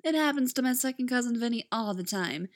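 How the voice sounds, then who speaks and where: A woman's voice: fairly high pitch, expressive, brisk, lightly acted. A woman reading fan fiction aloud, voicing a sassy, self-assured young woman assistant with a drawling, know-it-all manner.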